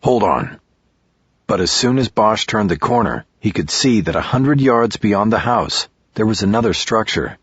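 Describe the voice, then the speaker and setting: A male audiobook narrator with a deep, husky voice, reading in a steady, measured way. The recording is dry and a little dull. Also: no room sound. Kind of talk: scripted narration.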